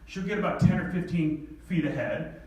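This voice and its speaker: A man tells a personal story to an audience, animated and laughing often, his voice sitting a bit high for a man. He is picked up from well back in a very echoey hall. Faint noise sits behind him. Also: normal speed, far from the mic. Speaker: speaker.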